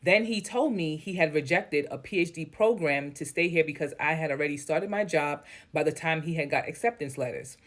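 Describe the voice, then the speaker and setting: A woman reading an online post aloud and breaking off into blunt, candid commentary, swearing freely. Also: low-pitched. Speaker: story reader and commentator.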